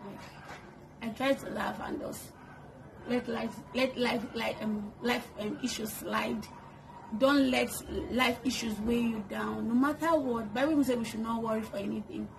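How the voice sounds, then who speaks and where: A talkative woman vlogging from home, her fairly high voice carrying a gravelly rasp. She laughs often between answers. Kids can be heard faintly in the house behind her. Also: steady tone, unhurried. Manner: chatty, laughs often, answers questions to camera. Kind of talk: casual get-to-know-me chat. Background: kids making noise.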